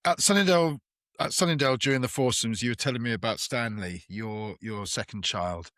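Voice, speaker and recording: A man hosting a golf podcast, asking his guest gentle, unhurried questions. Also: medium pitch, no room sound, clean studio sound. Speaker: podcast host. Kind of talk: interview questions.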